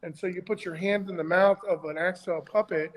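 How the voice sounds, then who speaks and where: A man's voice: high-pitched, steady tone, a little fast, in a large hall, rough recording. A man co-hosting a casual chat about children's ministry puppetry, talking in a rambling way with many restarts.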